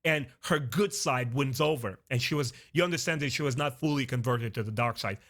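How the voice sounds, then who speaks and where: A man with a mid-range voice gives a casual spoken review to camera. He is earnest and expressive and keeps talking directly to his viewers. His speech is loose, full of "uh" and quick restarts. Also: medium pitch. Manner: earnest and expressive, talks straight to viewers as "guys"; frequent "uh" fillers and restarts. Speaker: film and TV reviewer.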